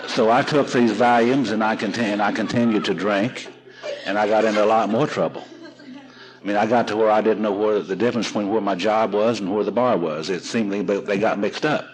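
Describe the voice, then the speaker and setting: In a rough recording, a man with a fairly low, fairly even voice talks a little fast as he shares his recovery story with a seminar audience. His telling is folksy and humorous, full of repeats and restarts.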